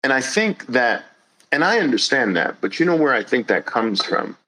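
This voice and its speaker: A man hosting a show, giving a blunt, forceful monologue with swearing for emphasis. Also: mid-range voice, very animated, normal speed, poor audio. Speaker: host. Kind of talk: impassioned monologue.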